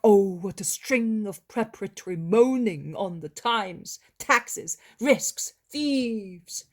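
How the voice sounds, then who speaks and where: Slow, lively-voiced woman audiobook narrator. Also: medium pitch. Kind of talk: audiobook reading of a religious novel.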